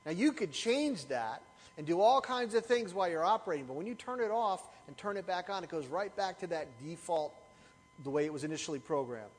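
Preaching to his congregation, a middle-aged pastor speaks in a high, light yet husky voice with lively intonation, a little fast. His storytelling is animated and full of rhetorical questions, echoing with long reverb around the church hall.

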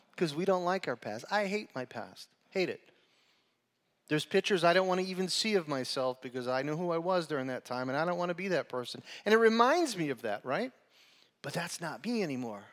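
A pastor delivering a sermon in a relaxed, conversational way, often checking in with his listeners with "right?". His voice sits a little high for a man. The sound carries a long reverb from a large hall. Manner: conversational preaching, frequent "right?" check-ins.

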